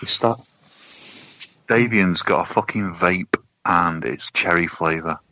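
A man's voice: sits low, takes it slowly, pushed and bright, no room sound. A man co-hosting a podcast, telling stories in a laid-back, wry way with lots of swearing. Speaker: podcast co-host. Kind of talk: casual chat. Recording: dull lo-fi podcast audio.

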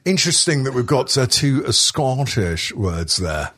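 A man's voice: mid-range voice, sing-song, a little slow, fairly bright tone, breathy edge. Foul-mouthed joking man. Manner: swears constantly, jokey, laughs often. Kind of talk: casual crude chat reading a list aloud.

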